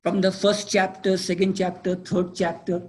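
A man with an Indian accent giving a spiritual lecture, deliberate and repeating key words for emphasis. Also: high voice, little pitch movement, darkish tone. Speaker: spiritual teacher.

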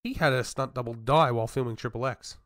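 A man trades quick, teasing banter as a podcast co-host and swears freely. His voice sits at an ordinary middle pitch. The recording is dry and close. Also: a bit bright, no room sound. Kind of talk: casual chat.

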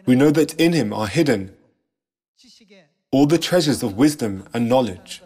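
A man reading a scripted sermon narration in a measured, solemn way, posing rhetorical questions. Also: medium pitch, expressive, dark tone, breathy edge. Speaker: church narrator.

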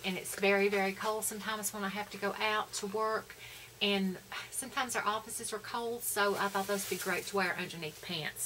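A woman's voice: mid-range voice, background noise. A middle-aged woman, chatting casually and rambling through a shopping haul at home. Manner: chatty, rambling, many fillers. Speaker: vlogger.

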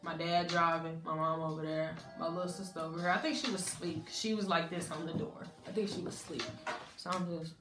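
A young woman tells a college story in a relaxed, candid way, slipping into her family's voices now and then. Her voice sits a little low. The room is echoey, and music plays behind her. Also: brisk. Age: young adult. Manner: candid, conversational, acts out family dialogue. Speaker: college student vlogger. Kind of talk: casual storytime.

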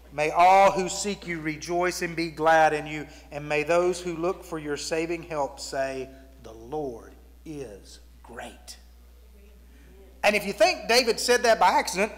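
A man preaching a sermon as pastor, telling stories and acting out the voices of the people in them. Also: a little high. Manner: storytelling, acts out quoted voices. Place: church sanctuary. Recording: long church reverb.

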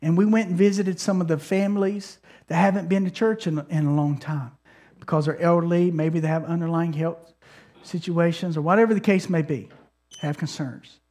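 A man's voice: fairly high pitch, fairly even intonation, moderate pace, darkish tone. A male pastor preaching a sermon in a conversational, storytelling way, often restarting his sentences and calling on the congregation to respond.

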